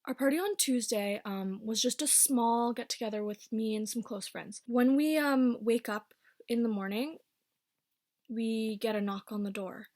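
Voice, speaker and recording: Speaking with a slightly mellow voice that leans high, a twenty-something vlogger recounts a casual storytime. Her delivery alternates quick bursts with slower stretches, and she's blunt, swearing without restraint.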